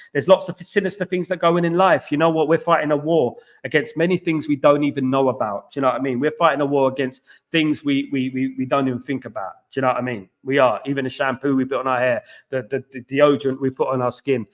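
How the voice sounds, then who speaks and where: A middle-aged man from London hosting a casual live stream, reading viewers' comments and chatting back with repeated phrases and shout-outs. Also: mid-range voice. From London, England.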